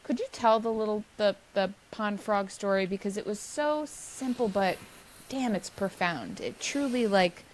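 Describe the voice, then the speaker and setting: A woman's voice: mid-range voice, measured pace, slight background noise, low-quality recording. A woman hosting a podcast, asking long, enthusiastic, rambling questions. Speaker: podcast host. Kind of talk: podcast interview.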